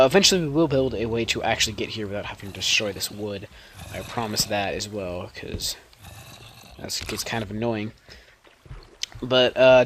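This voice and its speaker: A man's voice: mid-range voice, fairly bright tone. A young man giving rambling, chatty gameplay commentary and often correcting himself. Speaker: gameplay video creator.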